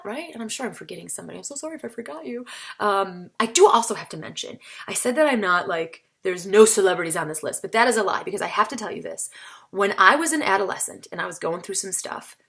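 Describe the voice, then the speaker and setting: A woman talking casually to the camera in a vlog, chatty and animated, with sudden jumps in pitch for emphasis. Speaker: vlogger, comedian and solo performer.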